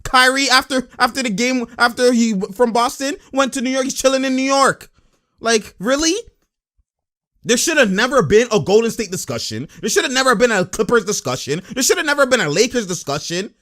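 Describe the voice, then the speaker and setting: Man vlogger, fired-up sports rant, high voice that swings wildly, lots of "man" and "yo". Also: expressive, a little fast, sharp tone. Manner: heated, emphatic, rhetorical questions, slangy. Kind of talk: casual basketball rant to camera.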